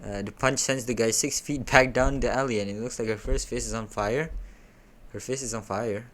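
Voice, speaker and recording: A man's voice: medium pitch, steady tone, fairly bright tone. A young man casually reading a fan story aloud, stumbling over words and stopping for joking asides. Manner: reads haltingly, stumbles and corrects himself, joking asides. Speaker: fanfic reader. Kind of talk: casual read-aloud with commentary.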